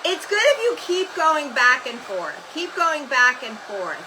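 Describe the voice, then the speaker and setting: A woman hosting a live craft demo, chatting loudly and greeting viewers by name as she works. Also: high-pitched, sing-song, unhurried. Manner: says she is talking very loudly. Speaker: craft livestream host. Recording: noisy room with heat gun running. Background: heat gun whirring.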